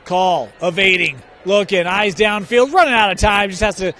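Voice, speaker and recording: A man with a notably high voice calls plays in short, brisk bursts. Between downs he trades jokes with his partner. It is a live broadcast from a stadium press box. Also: pushed and bright. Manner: brisk play calls, bantering with co-host. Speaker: play-by-play announcer. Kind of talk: live football commentary.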